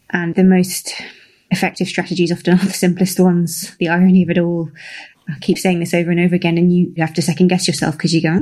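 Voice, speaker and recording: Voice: mid-range voice, darkish tone. Podcast co-host, casual chat, earnest, upbeat, frequent laughter.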